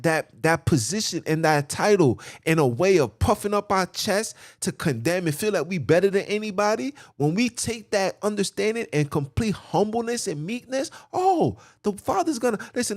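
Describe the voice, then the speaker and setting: High-voiced man preaching with fervor. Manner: rhythmic, repetitive preaching with vernacular speech and sudden drawn-out exclamations. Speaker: podcast preacher. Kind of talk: impassioned sermon.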